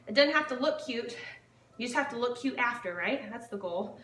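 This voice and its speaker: A woman's voice: on the high side, expressive, normal speed, fairly bright tone, reverberant, far from the mic. A woman fitness instructor leading a home workout, upbeat and counting reps aloud, a little out of breath as she exercises along. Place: home living room.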